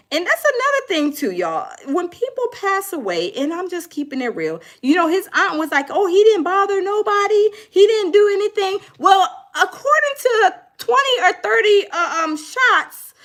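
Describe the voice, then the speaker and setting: A commentary host with a bright, high-pitched voice talks casually to her viewers about crime news at normal speed. Her pitch swings widely, and her preachy, conversational delivery slips in mocking quotes of others.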